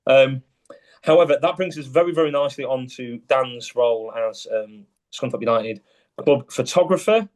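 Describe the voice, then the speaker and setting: A man's voice: mid-range voice, brisk, a little mellow. A man hosting a casual podcast, chatty and jokey with frequent ums. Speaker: podcast host.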